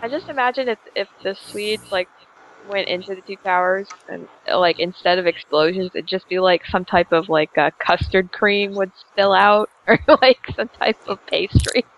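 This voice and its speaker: A woman's voice: mid-range voice, moderate pace. A woman from South Carolina chatting casually on a podcast, giggly and hesitant, with lots of fillers. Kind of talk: casual chat. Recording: dull lo-fi sound.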